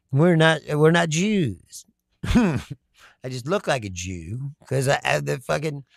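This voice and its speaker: A livestream host, a man, talks casually with his viewers and reads their comments aloud. He laughs often and swears freely. His voice is high and very gravelly, and it sounds dry and close, with no room around it. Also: animated, takes it slowly, long pauses, no room sound.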